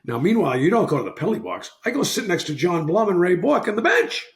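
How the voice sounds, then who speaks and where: A man in his sixties, once a hockey player, tells a podcast story in a casual, rambling way, animated and often correcting himself. His voice is high, with wildly swooping pitch and a fast pace. The recording has a roomy echo.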